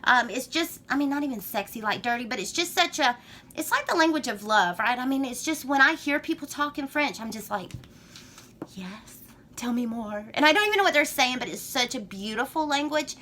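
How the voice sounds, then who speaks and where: Woman, Southern US accent, casual vlog, chatty, rambling, slightly high voice. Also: expressive, fairly quick, pushed and bright. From Georgia, US. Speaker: vlogger. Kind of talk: casual get-to-know-me tag vlog.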